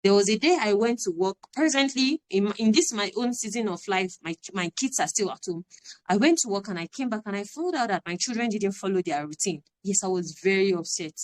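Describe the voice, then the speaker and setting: A woman's voice: medium pitch, expressive, fairly quick. A woman, giving an earnest, emphatic parenting talk on a live stream and repeating her key phrases. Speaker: parenting coach.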